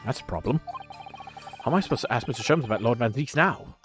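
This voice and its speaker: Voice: medium pitch, animated, quick pace, soft background music. A streamer playing through a story game, making wry asides and reading the dialogue aloud. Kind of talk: casual game commentary.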